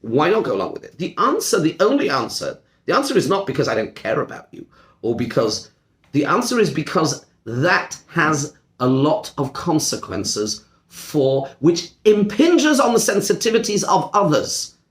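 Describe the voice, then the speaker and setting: A man's voice: a little high, very animated, moderate pace. A middle-aged man, a rabbi, giving a discussion-style lecture to a class, emphatic and repeating words as he thinks. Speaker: rabbi teaching a seminar class.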